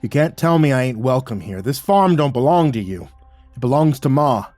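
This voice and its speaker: An indignant grown son, voiced by a male narrator who raises his voice above his usual and argues back with a bruised defensiveness. His tone is protesting and a little pleading. Soft music plays behind. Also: mid-range voice, expressive, normal speed, no room sound, close to an everyday voice.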